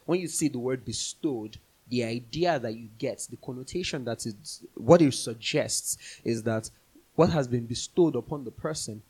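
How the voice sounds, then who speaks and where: Man, bible teacher, husky voice, mid pitch, conversational, everyday examples. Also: darkish tone, poor audio.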